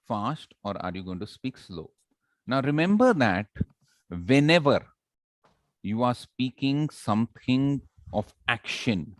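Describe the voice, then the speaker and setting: A man's voice: mid-range voice, dry recording. A man giving a public speaking workshop, playful and quizzing his audience as he demonstrates. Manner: lively, playful, talks to the audience with questions and demonstrations. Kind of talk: live workshop talk.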